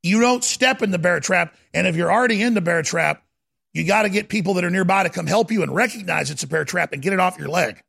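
Fiery male commentator with a raised, gravelly voice; urgent, repetitive rant. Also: high-pitched, fast talker, fairly bright tone. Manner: ranting, urgent, repetitive and dramatic. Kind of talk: impassioned monologue.

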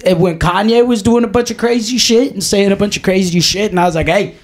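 A man's voice: sits high, a little fast. Blunt, profane man in casual podcast chat. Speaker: podcast co-host.

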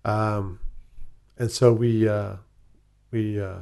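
A man's voice: on the low side, level tone, slow pace, creaky, a little mellow, smooth. A man with a Chicago accent, a guest in an interview, who tells rambling stories full of fillers and restarts. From southwest side of Chicago. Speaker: guest, whisky ambassador. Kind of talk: casual interview storytelling.

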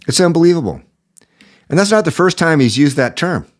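A man's voice: fairly high pitch, sing-song, brisk. A man hosting a political podcast, giving indignant commentary with a sore throat. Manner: indignant, rising emphasis. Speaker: podcast host.

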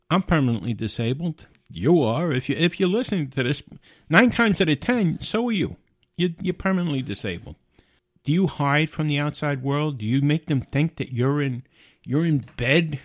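A man's voice: fairly high pitch, no echo, clean studio sound. A middle-aged man hosting a podcast, talking bluntly in a casual monologue and often repeating and restarting words. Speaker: podcast host.

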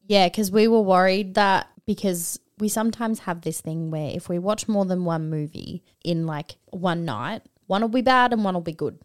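A woman's voice: on the low side, moderate pace, hardly any pauses. A woman co-hosting a film podcast, teasing her co-host and giving short replies. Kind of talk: casual film review chat.

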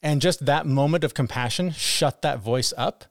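A man's voice: fairly high pitch, normal speed, no room sound, clean studio sound. A man co-hosting a podcast, talking candidly and with plenty of swearing about self-criticism, sometimes acting out his own harsh inner voice. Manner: frank and profane, acts out his inner critic. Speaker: podcast co-host. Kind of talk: candid conversational chat.

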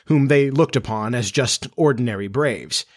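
A man narrating a classic storybook as an audiobook, in a measured, expressive reading. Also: mid-range voice, dry recording, studio quality.

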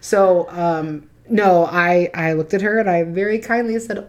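A woman's voice: lowish voice, fairly even intonation, unhurried, hardly any pauses, a little hiss or hum. A woman co-hosting a true crime podcast, telling stories in a blunt, casual way and swearing freely. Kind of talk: casual profane storytelling.

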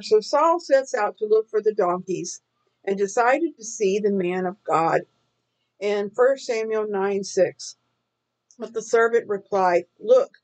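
A woman's voice: medium pitch, darkish tone, poor audio. A middle-aged woman teaching from the Bible in a sermon style, earnest and full of searching questions.

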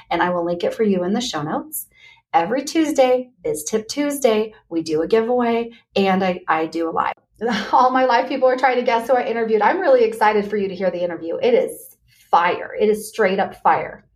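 Earnest woman podcaster giving a pep talk. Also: medium pitch. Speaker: podcast host. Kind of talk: solo motivational podcast talk.

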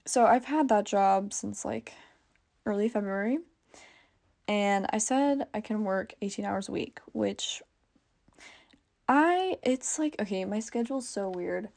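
A teenage girl hosting her own podcast, chatting casually, with lots of "like" and quick self-corrections. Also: mid-range voice, animated, gravelly, a little mellow. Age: teens. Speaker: podcast host. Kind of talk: casual chat.

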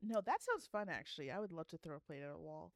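A woman's voice: sits low, lively intonation, quick pace, dry recording. A woman in a casual chat recapping a novel, adding wry, teasing remarks. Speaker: book club podcast co-host.

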